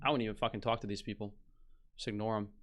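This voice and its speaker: A man's voice: fairly low pitch, flat delivery, fast, fairly bright tone. Profane ranting male streamer. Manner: profane, scornful, reads headlines aloud. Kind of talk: casual ranting commentary.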